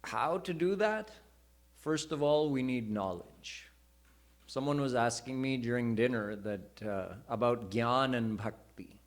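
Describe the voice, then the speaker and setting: A male senior preacher delivers a live sermon in a slow, deliberate way. His voice sits at a middle pitch and he explains each point with care. He moves between teaching and storytelling at an unhurried pace. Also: expressive. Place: temple hall.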